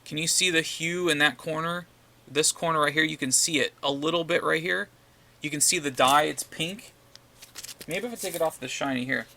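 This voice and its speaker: Bright-voiced ranting male comic vlogger. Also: fairly high pitch, moderate pace, vocal fry. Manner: ranting, profane, repeats himself. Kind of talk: casual rambling vlog.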